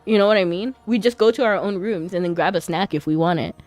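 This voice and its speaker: A woman's voice: fairly low pitch, fast talker, darkish tone, no room sound, faint music behind. A young adult woman streaming a game, chatting casually and giggling often between her remarks. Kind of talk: casual gameplay chat.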